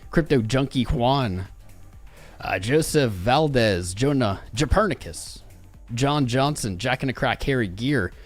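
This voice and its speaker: A male livestream host in casual chat, bantering and greeting viewers one by one by name. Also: mid-range voice. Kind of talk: casual live-stream chat.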